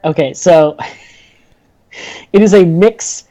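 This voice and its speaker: Mellow, easygoing podcast guy. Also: fairly high pitch, extremely slow, low-quality recording. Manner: easygoing, laughs often. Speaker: podcast co-host. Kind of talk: casual chat.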